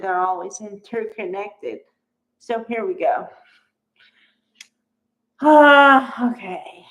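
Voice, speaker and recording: Woman, middle-aged, soap recap vlog, exasperated, animated, slow-paced, slightly muffled lo-fi audio. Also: medium pitch. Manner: animated, exasperated commentary, acting out quotes. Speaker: soap opera recap host. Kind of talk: casual recap and opinion vlog. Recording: slightly dull lo-fi recording.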